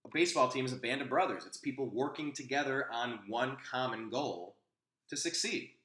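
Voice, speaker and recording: Man, talk host, casual opinion chat, rambling, restarts often, bright tone. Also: mid-range voice, moderate pace, roomy sound. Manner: rambling, anecdotal, frequent restarts.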